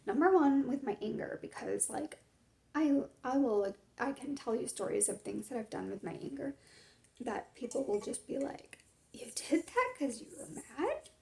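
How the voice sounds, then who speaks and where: A woman's voice: high-pitched, moderate pace, creaky, warm tone. A young woman sharing her personal faith testimony in a casual, rambling way, full of fillers. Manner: rambling, filler-heavy, lots of "like".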